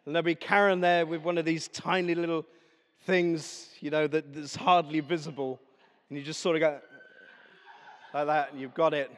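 A man's voice: a little high, little pitch movement, moderate pace. A man preaching a chatty, humorous sermon, telling stories to a congregation. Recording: echoey hall.

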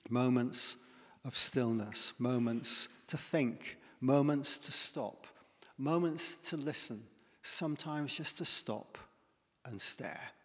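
A male preacher giving a sermon with dramatic storytelling that sinks to near whispers. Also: mid-range voice. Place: church. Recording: long reverb in a church hall.

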